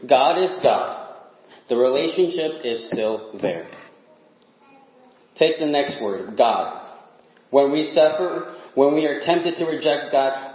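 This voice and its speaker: Earnest male preacher in an echoey room. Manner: earnest, emphatic, drops low and quiet on key words. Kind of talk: sermon. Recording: echoey room, dull lo-fi sound.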